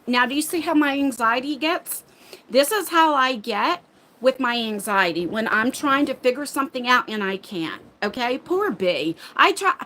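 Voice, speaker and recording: A woman hosting a casual livestream chat from her phone, flustered and chatty as she thinks out loud. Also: fairly high pitch. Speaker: livestream host. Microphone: phone mic.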